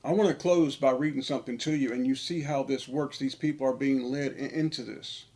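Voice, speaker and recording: A man's voice: medium pitch, fairly even intonation, a little fast, warm tone. Emphatic man preaching in a drawl. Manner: emphatic, preachy, repeats phrases for stress. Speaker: online preacher. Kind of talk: sermon-style monologue.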